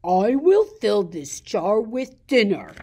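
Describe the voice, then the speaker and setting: A woman's voice: medium pitch, sing-song, slow pace, dark tone, breathy edge, exaggerated voice. A woman reading a hungry storybook snake. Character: hungry male snake counting mice.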